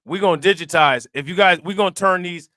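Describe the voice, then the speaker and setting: A male host chatting through crime news in loose, slangy talk, laughing often and shouting out his viewers. His voice is sharp and bright. The sound is close and dry, with no room around it. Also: high-pitched, fast talker, no echo. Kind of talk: casual reaction commentary.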